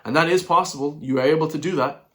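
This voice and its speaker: A man's voice: on the high side, quick pace, fairly bright tone. An Irish man giving blunt, indignant commentary on news clips, often turning to his viewers. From Ireland. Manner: indignant, blunt, keeps addressing viewers as guys. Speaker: commentary vlogger.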